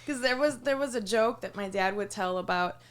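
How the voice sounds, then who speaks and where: A woman's voice: medium pitch, brisk. A woman co-hosting a podcast in casual chat, giggly and easygoing as she tells stories. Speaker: podcast co-host.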